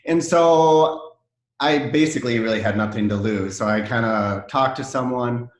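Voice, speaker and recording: A man's voice: mid-range voice, normal speed, roomy sound. A man, a business owner who is the guest on a webinar, speaking casually and hesitantly. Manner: casual and hesitant, lots of kinda and um. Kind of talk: webinar interview.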